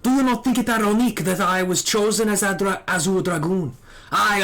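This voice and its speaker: Male streamer as furious young dragoon, put-on French accent, big high swings. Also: a bit bright. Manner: accusing, declamatory. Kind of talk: reading game dialogue aloud.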